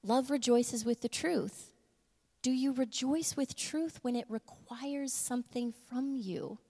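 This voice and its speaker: Woman, casual sermon, chatty, laughs a lot, slows down for key lines, long hall reverb. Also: high-pitched, dark tone. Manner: conversational, laughs often, shifts between quick asides and slow emphatic lines. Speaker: church speaker. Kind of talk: casual sermon with humor and props. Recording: long reverb of a large room.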